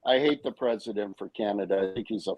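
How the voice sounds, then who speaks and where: A man's voice: on the low side, quick pace, dull audio, a loud crowd. A man co-hosting a live stream, ranting in a brash, profane, confrontational way. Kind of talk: heated live-stream rant.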